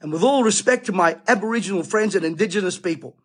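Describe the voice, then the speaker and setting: A man's voice: sits high, fast, husky. A middle-aged Australian man, a preacher, ranting indignantly in an impassioned monologue.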